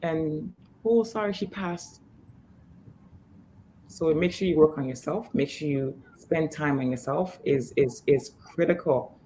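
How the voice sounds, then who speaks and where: This fitness trainer, a woman interviewed over a video call, has a low, steady, warm voice with a faint hiss or hum on the line. Her delivery is emphatic and motivating, marked by fast restarts.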